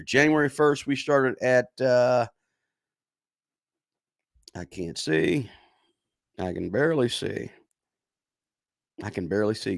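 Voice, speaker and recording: A man with a lowish voice hosts a live finance stream, chatting casually and speaking straight to his viewers while repeating himself often. The recording is studio quality with no room sound.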